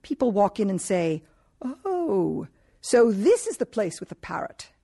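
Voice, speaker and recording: Brief: polite male bookseller with a British accent, soft and courteous, voiced lightly by a woman narrator. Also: mid-range voice, sing-song, unhurried, vocal fry, slightly rough, dry recording, clean studio sound, exaggerated voice. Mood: quiet, courteous. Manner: quiet, courteous.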